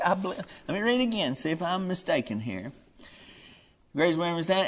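A man's voice: fairly high pitch, sing-song, fairly quick, slightly rough. A man preaching a sermon, folksy and plain-spoken, rising to fervent emphasis and dropping to near whispers.

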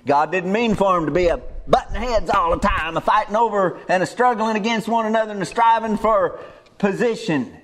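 A man preaching a sermon in folksy rural speech, building to emphatic exhortations. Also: high-pitched.

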